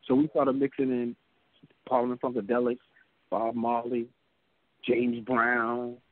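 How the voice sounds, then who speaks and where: A man in his fifties, an interview guest telling an animated story and acting out other people's lines in a higher voice. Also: measured pace, dry recording. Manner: acts out quoted people in a higher voice. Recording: tinny phone-like line.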